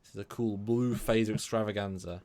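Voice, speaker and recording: A British man co-hosting a live stream, talking fast and enthusiastically, often restarting his sentences. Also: on the low side, fairly even intonation, warm tone. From Britain. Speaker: co-host. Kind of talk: casual live-stream chat.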